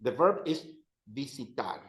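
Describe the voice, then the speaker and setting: A man's voice: medium pitch, animated, a little slow, echoey room, rough recording. A man teaching a language class, patiently repeating phrases for his students to drill. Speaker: Spanish teacher.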